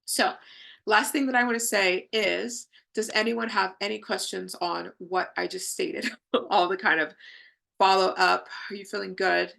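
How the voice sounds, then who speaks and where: A woman's voice: medium pitch, steady tone, unhurried, vocal fry, bright, forceful tone. A woman leading a live online healing session, talking to her viewers in an effusive, affirming way. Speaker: spiritual healing coach.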